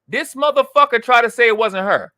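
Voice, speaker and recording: A man hosting a livestream, ranting in a heated, profane way and swinging from low muttering to loud outbursts. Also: fairly quick, dry recording, clean studio sound. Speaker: livestream host.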